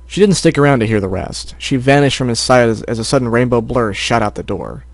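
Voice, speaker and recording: In a no-echo recording, a man narrates fan fiction as an amateur audiobook, at times stumbling and correcting himself. His pitch is medium and his pace a little fast.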